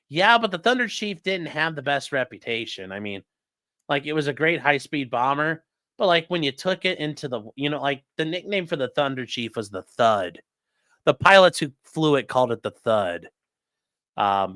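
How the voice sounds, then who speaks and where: Male streamer, lively bright voice, rambling and profane, dry close mic. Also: fairly high pitch, dry recording. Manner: rambling, swears, lots of fillers. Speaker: streamer reading chat. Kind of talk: casual live-stream chat.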